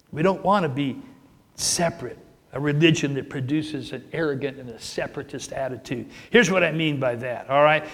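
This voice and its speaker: A man's voice: moderate pace, a bit bright. A man preaching a sermon with emphatic delivery, building up and dropping his voice for emphasis. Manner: emphatic, rising and falling for emphasis, acts out a joke with raised pitch.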